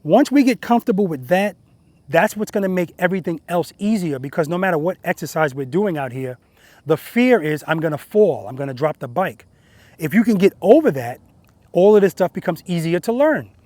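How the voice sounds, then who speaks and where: A man's voice: high-pitched, dry recording. A man teaching motorcycle riding outdoors, explaining emphatically and often checking in with "right?" and "guys.". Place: outdoor practice area.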